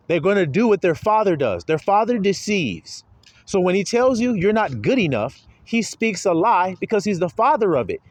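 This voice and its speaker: A man's voice: high voice, a little mellow, low-quality recording. A man preaching a sermon, pressing his listeners with rhetorical questions and calling them his little flock.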